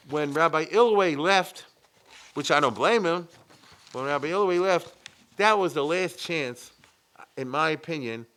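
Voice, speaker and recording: A man, a rabbi, giving a lively, conversational history lecture and checking in with his listeners often. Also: on the high side. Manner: animated, frequent check-ins with the audience.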